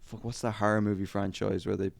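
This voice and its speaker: A young man hosting a podcast, telling a rambling, profane story in casual chat with quick acted quotes. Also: lowish voice, flat delivery, vocal fry, no echo, studio quality. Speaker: podcast host.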